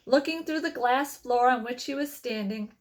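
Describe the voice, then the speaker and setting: A woman reading a children's novel aloud with expressive storytelling. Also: high voice, moderate pace. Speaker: reader.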